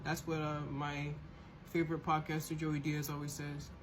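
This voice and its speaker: A woman's voice: sits low, flat delivery, moderate pace, background noise. A woman hosting a podcast, ranting in a heated, profane monologue and often repeating and restarting words as she gets worked up. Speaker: podcast host.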